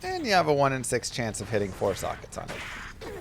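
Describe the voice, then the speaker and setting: Gravelly-voiced man streaming a game. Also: medium pitch, wildly swooping pitch, fairly quick, background noise. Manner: chatty, anecdotal, reads chat aloud. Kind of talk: casual live-stream commentary.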